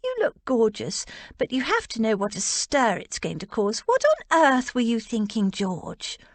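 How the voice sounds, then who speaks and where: A woman giving voice to a wry young lady from a storybook with a dry wit. Her voice sits high and lilts widely, with a dry, close sound. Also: huge pitch swings, measured pace, dry recording, heavily acted. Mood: exasperated. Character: dry-witted young woman, bride's friend.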